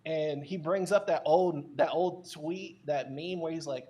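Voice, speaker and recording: A man as a podcast guest telling casual, animated stories, with many fillers and restarts. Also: on the high side, measured pace, few pauses, breathy edge. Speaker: guest, content creator.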